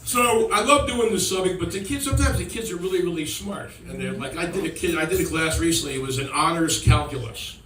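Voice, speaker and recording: A middle-aged man tells rambling stand-up stories, now and then slipping into kids' voices. His voice sits a little high and comes from a distance off the mic. The room is echoey, and a crowd laughs loudly behind him. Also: quick pace, few pauses, a little hiss or hum. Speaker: stand-up comedian. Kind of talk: stand-up routine. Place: comedy club stage with audience.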